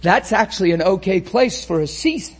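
Man, preacher, sermon, high-pitched, husky, fervent, shouting at the peaks. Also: animated, a little fast. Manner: impassioned, often shouting, acting out crowd reactions.

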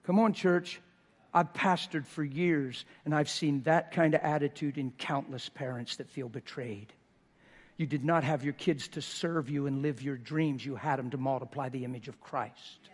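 A middle-aged man preaching a sermon in church, telling a story with emphasis and dropping from loud to hushed. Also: medium pitch, moderate pace, slightly rough. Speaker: pastor. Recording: long reverb in a church hall.

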